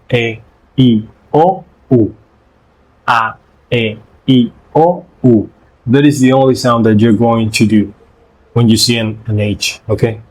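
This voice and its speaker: Male language teacher, lowish voice, unhurried and patient, drills syllables. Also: slight background noise, poor audio. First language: Spanish. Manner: patient, repeats each syllable slowly. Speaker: Spanish teacher. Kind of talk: pronunciation lesson.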